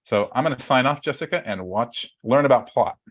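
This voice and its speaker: Over a video call, a man hosts a writing webcast, opening it in a casual, chatty way that rambles along with lots of fillers and restarts. His voice sits in the mid-range and moves at a brisk clip, and the sound quality is lo-fi.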